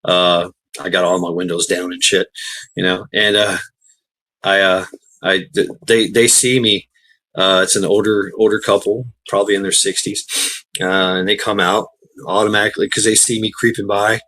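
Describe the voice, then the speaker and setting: A man's voice: on the low side, little pitch movement, moderate pace, a bit bright, low-quality recording. A man hosting a livestream, telling a casual rambling story, laughing often and swearing freely. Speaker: livestream host.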